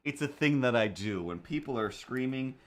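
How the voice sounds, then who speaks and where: A man hosting a live stream, telling a rambling, animated anecdote in a casual tone. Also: medium pitch, moderate pace. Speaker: host.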